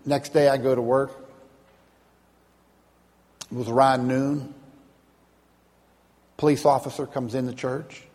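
A man's voice: mid-range voice, level tone, slow, long pauses, darkish tone. A man preaching a sermon as a pastor, telling stories and acting out the voices of the people in them. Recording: long hall reverb.

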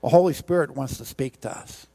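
A man's voice: mid-range voice, a little fast, gravelly, mellow. A man preaching a sermon, telling a parable with a rhythmic, repetitive storytelling cadence. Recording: long hall reverb.

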